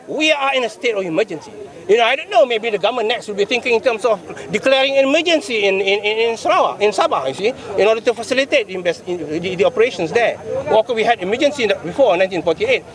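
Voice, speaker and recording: An older man with a Malaysian accent, a retired police chief speaking indignantly to the press outdoors, repeating his points for emphasis. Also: extremely high pitch. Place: outdoors in a city among a crowd. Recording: outdoor press scrum with crowd noise.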